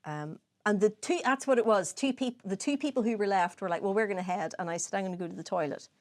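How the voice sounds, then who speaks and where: A young adult woman co-hosting a casual podcast chat, an animated storyteller who swears freely and acts out her own past lines. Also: mid-range voice, fast. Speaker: podcast co-host. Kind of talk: casual chat over whiskey tasting.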